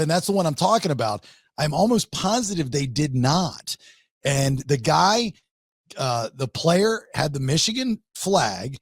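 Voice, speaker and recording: A man hosting a casual sports podcast, his voice lively and swinging up and down in pitch as he argues. It sits a touch higher than most men's, recorded close and dry with no room sound at all. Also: breathy edge, no echo. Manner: animated, rising pitch when making a point. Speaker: podcast host.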